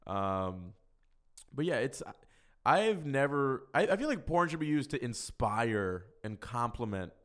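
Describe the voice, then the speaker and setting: A man hosts a solo podcast, answering listener questions in a frank, profane, loosely rambling chat. His medium-pitched voice is sing-song and a little slow.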